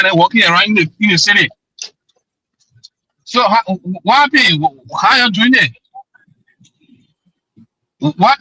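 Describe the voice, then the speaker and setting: A man's voice: sits high, bright, forceful tone, dry recording, low-quality recording. A man with a Liberian English accent calling in to give impassioned, repetitive political commentary. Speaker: caller.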